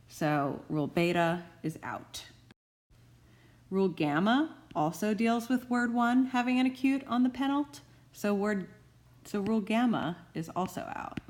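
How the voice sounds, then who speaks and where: A woman's voice: medium pitch, moderate pace. A woman professor giving a recorded grammar tutorial, explaining rules carefully with playful asides. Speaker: Greek professor.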